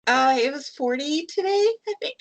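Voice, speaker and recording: A woman's voice: high-pitched, expressive, normal speed. A woman with a Minnesotan accent hosting a radio show in casual, chatty talk, laughing easily. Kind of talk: casual chat.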